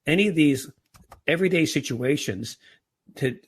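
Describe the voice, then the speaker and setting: Husky-voiced man, stumbling restarts. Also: fairly high pitch, expressive, moderate pace. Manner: frequent restarts and stammered repeats. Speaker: podcast guest, author. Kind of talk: casual interview talk.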